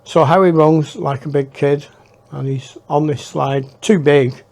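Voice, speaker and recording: A man's voice: fairly high pitch, steady tone, a little slow, darkish tone. A man telling his memoir in a rambling, reflective way. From northern England. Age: 60s. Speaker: storyteller. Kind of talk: memoir storytelling.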